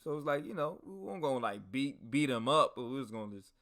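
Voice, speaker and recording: A man hosting a podcast, telling a story in a casual, animated, slangy and profane way. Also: mid-range voice, fast talker. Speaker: podcast host.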